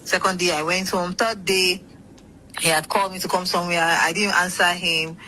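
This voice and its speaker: A woman's voice: lowish voice, fairly even intonation, normal speed, sharp tone, slight background noise, rough recording. A woman, a guest telling a long story in a rambling, casual way and acting out what others said. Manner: rambling, acts out quoted speech, swears. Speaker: interview guest.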